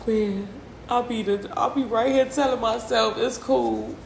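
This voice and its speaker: A distressed, tearful woman hosting a solo confessional podcast, venting slowly and heavily with sighs and a lot of swearing. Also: fairly high pitch, vocal fry, roomy sound, slight background noise. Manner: slow, heavy, profane venting with sighs. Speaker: podcast host.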